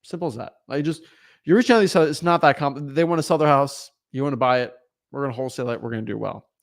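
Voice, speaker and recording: A young man from England coaching on wholesaling in a casual, energetic way, acting out calls with sellers. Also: mid-range voice, rapid-fire.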